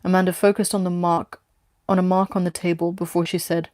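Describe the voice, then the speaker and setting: A woman reading her own story aloud with steady, plain narration. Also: on the low side, a little fast, no room sound, clean studio sound.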